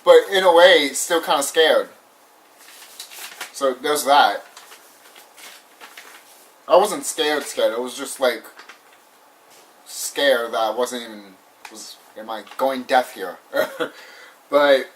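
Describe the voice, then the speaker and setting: A young man casually ranting through a movie review, animated and repetitive, swearing often and laughing now and then. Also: medium pitch, takes it slowly, pauses often, slight background noise. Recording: voice somewhat far from the mic.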